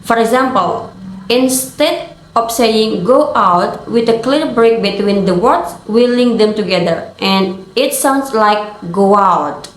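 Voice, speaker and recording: A woman's voice: on the high side, measured pace, slight background noise. A young woman student reading a class presentation aloud, steadily explaining terms with spoken examples. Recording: roomy echo.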